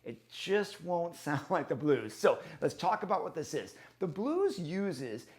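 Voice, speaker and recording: A man's voice: a little high, very animated, a little slow. A man teaching a guitar lesson, explaining in a friendly way and counting and singing rhythms aloud. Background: guitar playing.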